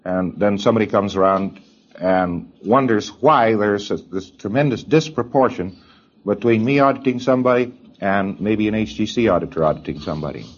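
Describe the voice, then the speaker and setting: Lower-voiced man lecturing on an old lo-fi tape. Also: moderate pace. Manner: emphatic, repeats phrases, mimics hesitant people. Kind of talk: lecture to trainees.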